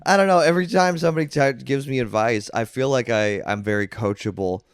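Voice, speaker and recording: A man's voice: medium pitch, fast talker, clear, resonant tone, no room sound. A congested man, a stand-up comedian guest, talking in a hesitant, self-doubting way in a casual podcast chat.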